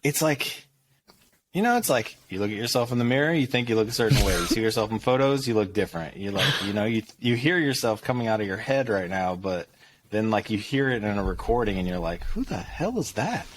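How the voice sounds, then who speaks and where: Low-voiced man rambling in self-deprecating talk. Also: fast talker, a little hiss or hum. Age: 30s. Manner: rambling, self-deprecating, many fillers, slightly mumbled. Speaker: podcast co-host. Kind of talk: casual chat.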